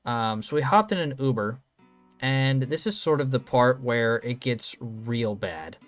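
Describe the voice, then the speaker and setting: A man's voice: medium pitch, lively intonation, unhurried, soft background music. A young adult man streaming, telling loose, rambling stories with lots of ums and casual swearing.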